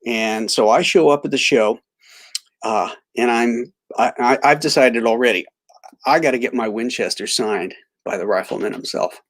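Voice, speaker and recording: A middle-aged man hosting a live stream, telling a rambling story full of halting restarts and reading out chat greetings. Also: mid-range voice, a bit bright. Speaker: livestream host.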